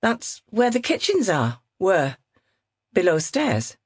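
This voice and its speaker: A woman's voice: mid-range voice, wildly swooping pitch, slow, husky, dry recording, clean studio sound, voice pushed up, exaggerated voice. A woman narrator voicing a tired, distracted young woman in an audiobook. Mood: wistful. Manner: quiet and distracted. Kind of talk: audiobook character reading.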